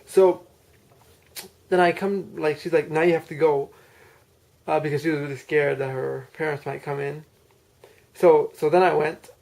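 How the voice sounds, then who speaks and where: A man's voice: a little high, fairly even intonation, moderate pace, gravelly, long pauses, a little mellow. A man casually telling a personal story, rambling, with many fillers and restarts. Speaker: person recounting a dream.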